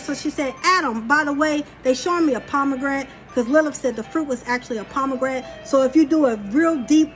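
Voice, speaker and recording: A woman rambling through a spiritual monologue, blunt and profane, telling a story in a loose, casual way. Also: high-pitched. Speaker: spiritual channeler.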